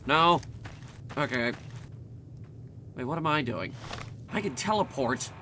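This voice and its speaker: A man's voice: medium pitch, animated, takes it slowly, pushed and bright, slight background noise. A young man giving rambling, sarcastic, jokey commentary while he plays a video game. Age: young adult. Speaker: let's play commentator.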